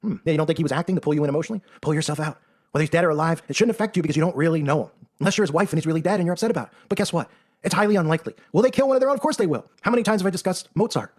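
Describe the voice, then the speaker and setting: Talking very fast in a fairly high voice, a man offers sarcastic, emphatic monologue commentary as an online commentator. "Right?" gets tagged onto many of his points.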